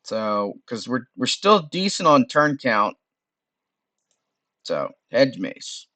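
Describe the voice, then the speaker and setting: A man's voice: mid-range voice, big pitch swings, slow pace, bright, forceful tone, dry recording. A man casually playing through a browser game, reading its text aloud and muttering to himself. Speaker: game streamer. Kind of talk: let's play with read-aloud game text.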